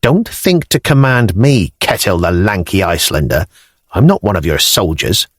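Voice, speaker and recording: A male narrator voicing a sharp-tongued young woman healer who gives brisk commands in an audiobook. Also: low voice, lively intonation, breathy edge, no room sound, clean studio sound. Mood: firm.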